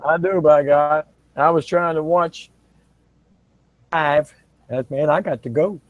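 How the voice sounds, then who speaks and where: A man's voice: on the high side, fairly even intonation, slow pace, background noise. A man speaking as a guest on a live video-call stream, folksy and jokey. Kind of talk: casual live-stream chat. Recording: tinny phone-like call audio.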